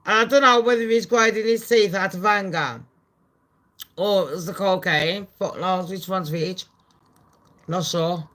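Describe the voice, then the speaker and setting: A woman giving swearing, animated gossip commentary on her channel. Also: medium pitch, unhurried. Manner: animated, swearing, laughing asides. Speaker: commentary vlogger.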